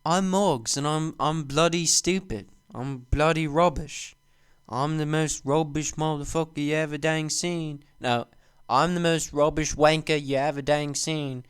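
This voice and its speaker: A man's voice: fairly high pitch, fairly even intonation, measured pace, hardly any pauses, clear, resonant tone. Man doing a brash dim British YouTuber. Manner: loud, brash, crude. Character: loud dim-witted young British male YouTuber.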